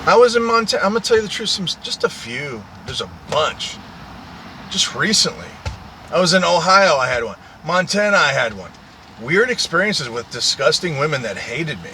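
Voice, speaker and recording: A man's voice: on the high side, sing-song, normal speed, pushed and bright, a little hiss or hum. A man, a truck driver, in a profane, repetitive, aggrieved ranting monologue.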